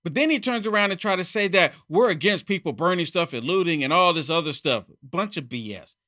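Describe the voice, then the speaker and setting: Emphatic man ranting in a high, bright voice. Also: lively intonation, a little fast. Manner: emphatic, repeats phrases for effect. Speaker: channel host. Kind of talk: political commentary monologue.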